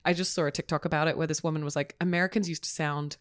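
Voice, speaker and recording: A woman's voice: deep voice, steady tone, very fast, no room sound. Dry-miked chatty woman co-host. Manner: chatty, laughs often, swears casually. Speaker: podcast co-host. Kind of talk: casual film chat.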